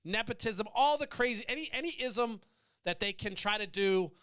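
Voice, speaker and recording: A man hosting a podcast talks at normal speed in a high, animated voice with a fairly bright, clean tone. His political rant is blunt, profane, and provocative, and he keeps wandering off on tangents.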